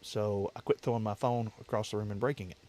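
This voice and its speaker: A man's voice: fairly low pitch, fairly even intonation, fast, dark tone. Rambling man hosting a casual livestream. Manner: rambling, repeats himself, laughs easily. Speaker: livestream host. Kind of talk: casual livestream chat with viewers.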